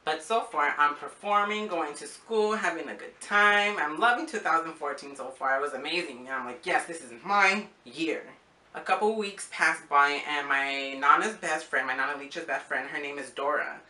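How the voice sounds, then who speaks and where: A man's voice: on the high side, normal speed, few pauses, sharp tone, recorded from a distance. A young man from Arizona telling a personal story in a casual, rambling vlog, with many fillers. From Arizona, USA. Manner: rambling, with frequent fillers and acted-out quotes. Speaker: vlogger. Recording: echoey room.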